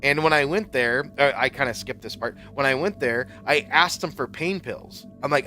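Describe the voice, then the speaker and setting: A man's voice: mid-range voice, moderate pace, few pauses, bright, forceful tone, soft background music. A young man casually telling a long personal story while playing a game, rambling with many fillers and getting worked up. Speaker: Minecraft YouTuber.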